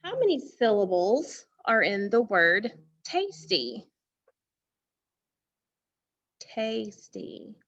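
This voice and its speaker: A woman's voice: fairly high pitch, sing-song, slow, vocal fry, a bit bright, highs cut off. A woman teacher giving an online phonics lesson from a school music room, patiently repeating words and asking questions.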